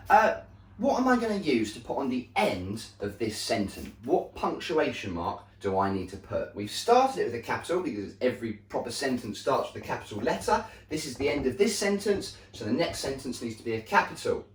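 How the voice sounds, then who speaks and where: A male primary school teacher giving a slow, deliberate recorded lesson to young children, often checking in with "okay?". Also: medium pitch, sing-song. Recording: echoey room, voice a bit far from mic.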